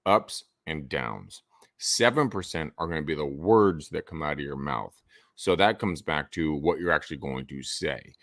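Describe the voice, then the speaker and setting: A man talks through cold-call advice in a low voice that swoops up and down with animated energy. The sound is dry, with no room around it. He coaches like a seasoned salesman. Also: normal speed, no room sound. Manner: animated, swings his voice up and down for emphasis. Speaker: real estate sales coach. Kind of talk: podcast guest advice.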